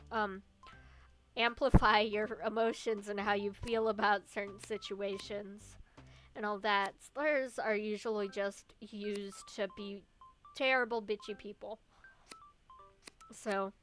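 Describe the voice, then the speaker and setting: A woman's voice: medium pitch, fairly bright tone. A young woman streamer telling personal stories in a casual, rambling way, with restarts and small laughs. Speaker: vtuber streamer. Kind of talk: casual storytelling chat.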